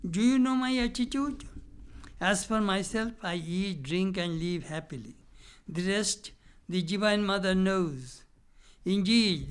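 A man reading scripture passages aloud and explaining them, laughing often and acting out the people he quotes in a louder voice. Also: sits high, smooth. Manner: acts out quoted speakers in a raised voice. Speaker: spiritual teacher.

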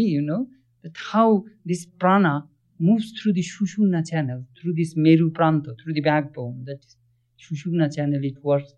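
A man's voice: on the high side, darkish tone. A man giving a religious discourse, earnestly explaining and often asking his listeners questions. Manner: earnest, questions listeners, chants Sanskrit verses quickly. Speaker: spiritual teacher. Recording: dull lo-fi recording.

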